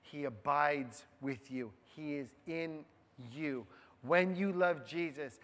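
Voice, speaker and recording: A man with a high voice preaches a sermon, his words ringing with a long reverb in a large hall. He talks to the men in front of him as if chatting, then drops into hushed asides or pushes hard on key words. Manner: swings from hushed low asides to loud emphatic stresses; conversational, addresses the men in the room.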